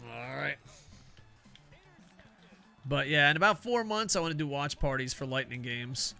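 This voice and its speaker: A man's voice: medium pitch, a little slow, creaky, sharp tone, soft background music. An older man, a semi-retired teacher, rambling casually and profanely while streaming a game, laughing often. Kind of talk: casual chat while gaming.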